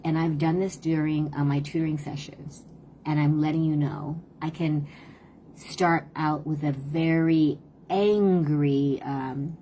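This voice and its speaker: A woman in her fifties giving earnest, conversational parenting advice on a live stream, often pausing to hesitate. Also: low-pitched, mellow, slight background noise. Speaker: parenting talk host and tutor.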